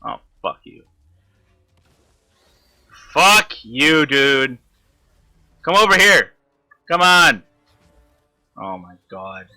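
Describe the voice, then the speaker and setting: A man's voice: on the high side, very animated, slow pace, long pauses, sharp tone, soft background music. A man commentating his own gameplay, frustrated and swearing constantly at the enemy he is fighting. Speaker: gamer.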